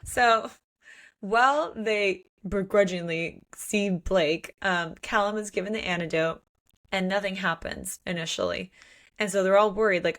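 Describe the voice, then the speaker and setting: Woman, podcast co-host, casual and animated, laughs a lot, average pitch. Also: unhurried. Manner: animated, laughs often, acts out quotes. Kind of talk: casual book discussion.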